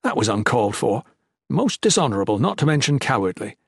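A man's voice: medium pitch, very animated, fairly quick, vocal fry, breathy edge, no echo, clean studio sound, full character voice. A man playing a strong, cocky young nobleman in an audiobook, mock-stern and teasing. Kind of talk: audiobook character voice.

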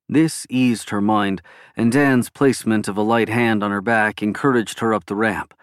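A man giving steady, even scripted narration of a science fiction audiobook. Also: fairly low pitch, normal speed, clean tone, no echo, clean studio sound.

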